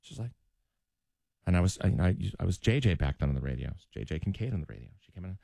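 Animated male radio host. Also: medium pitch, normal speed, vocal fry, background noise. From United States, Northeast. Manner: animated storytelling, laughing through stories. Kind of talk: casual radio show chat.

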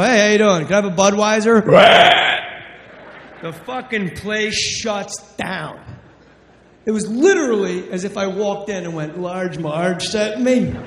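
Man, stand-up comic, crude and profane, slow delivery, echoey room. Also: sits high, a little hiss or hum. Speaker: stand-up comedian. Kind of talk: stand-up storytelling. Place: comedy stage before a live audience. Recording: echoey room with long reverb.

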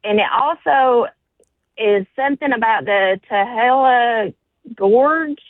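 A woman's voice: a little high, slow, dry recording. Southern woman on a tinny phone line. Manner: friendly, chatty, laughs it off. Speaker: caller. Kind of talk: phone call to a radio show.

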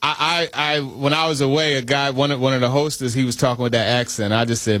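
A man co-hosting a sports radio show, relaxed and amused. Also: mid-range voice, fast talker, few pauses, dry recording. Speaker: radio co-host.

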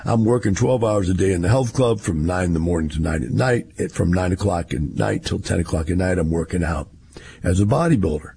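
A man's voice: low voice, animated, a little fast, creaky, mellow, a little hiss or hum. A man, rambling through a casual monologue in a folksy storytelling way.

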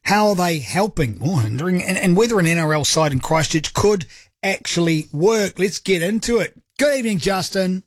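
A man's voice: high voice, animated, moderate pace, no echo, studio quality. A man with a New Zealand accent hosting a sports talk radio show, upbeat and chatty with a joking manner. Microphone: studio microphone.

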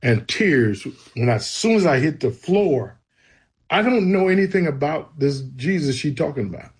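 A man's voice: a little high, expressive, normal speed, slightly rough. A man, a guest, earnestly telling his personal faith testimony in a conversation. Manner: storytelling, earnest and emphatic.

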